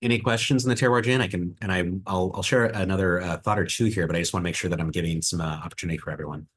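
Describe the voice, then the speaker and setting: A man's voice: deep voice, steady tone, very fast, a bit bright, husky. A man who is a head distiller, presenting a virtual tasting over a video call with enthusiasm and reflection, full of fillers and restarts.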